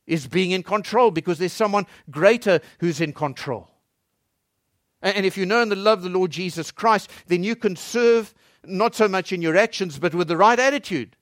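A man preaching a sermon as pastor in a church, swinging between loud emphatic lines and soft low passages. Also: normal speed, no echo, clean studio sound.

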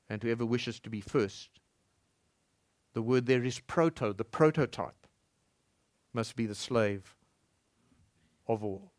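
A man preaching a sermon as pastor in a church, swinging between loud emphatic lines and soft low passages. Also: no room sound, clean studio sound.

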